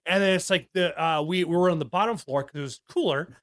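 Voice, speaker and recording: A man's voice: on the high side, fast talker, a bit bright, no room sound. A man in his thirties co-hosting a podcast, rambling and swearing as he tells stories, with lots of restarts. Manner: rambling, profane, with many restarts. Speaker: podcast co-host. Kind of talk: casual podcast chat.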